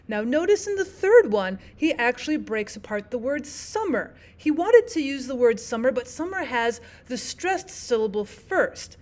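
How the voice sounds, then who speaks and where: A woman teaching in a clear, measured way. Her voice sits a little on the high side. She reads example lines of verse slowly and deliberately. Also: expressive. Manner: clear, measured teaching delivery, slows to read verse aloud. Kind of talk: explaining poetry lesson over slides.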